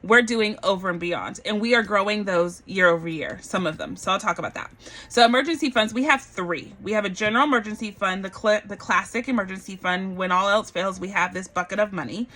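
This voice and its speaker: Chatty, bright-voiced woman vlogger. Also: medium pitch, fairly quick. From Barbados. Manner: chatty and animated, addresses viewers as y'all. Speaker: budgeting vlogger. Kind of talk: casual chat to camera.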